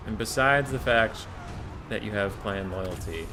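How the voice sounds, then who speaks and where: A man's voice: lowish voice, moderate pace, background noise. A man casting a strategy game tournament live on stream, chatty and prone to digressions, talking to his chat between calls.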